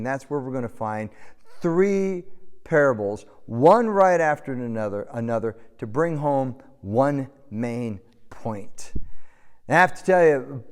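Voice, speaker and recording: A middle-aged American man preaching a sermon and telling a story, in a conversational style. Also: mid-range voice. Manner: conversational storytelling, animated when shouting. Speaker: pastor. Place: church sanctuary. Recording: long hall reverb.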